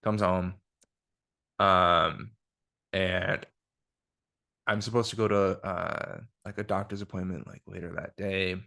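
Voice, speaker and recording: Low, gravelly man telling a story. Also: fairly even intonation, slow, long pauses, bright, forceful tone. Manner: frank, profane, filler-heavy retelling. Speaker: podcast host. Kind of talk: casual conversational storytelling. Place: indoor room with guest. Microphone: single shared microphone.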